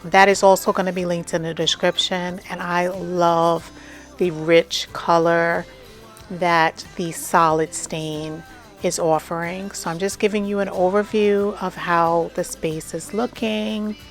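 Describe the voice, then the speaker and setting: Chatty lower-voiced woman vlogger. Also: little pitch movement, unhurried, soft background music. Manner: enthusiastic, chatty with fillers. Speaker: home and garden vlogger. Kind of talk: casual walkthrough vlog. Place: outdoors on her front porch.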